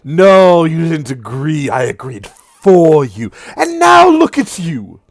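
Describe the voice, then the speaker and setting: A man's voice: a little high, very animated, no room sound, pitched above the performer's own voice, full character voice. A man doing a gleeful sneering demon lord. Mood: taunting. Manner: taunting, gleeful, drawn-out sneer. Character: mocking male demon lord of lies.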